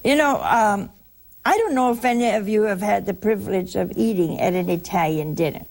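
Gravelly-voiced woman giving a folksy spiritual talk. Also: medium pitch, moderate pace, darkish tone. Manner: folksy storytelling, rhetorical questions. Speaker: religious speaker. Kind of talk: spiritual talk to a broadcast audience.

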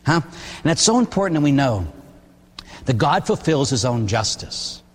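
A man's voice: medium pitch, big pitch swings, normal speed, breathy edge. An older man, a Catholic priest, preaching a sermon in a folksy, storytelling way with frequent "huh?" asides. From Pittsburgh area. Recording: long hall reverb.

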